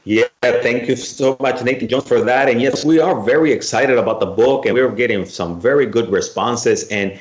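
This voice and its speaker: A man's voice: medium pitch, moderate pace, hardly any pauses. A man hosting a religious radio show and chatting with his co-host, enthusiastic and friendly. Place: Miami area. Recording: roomy echo.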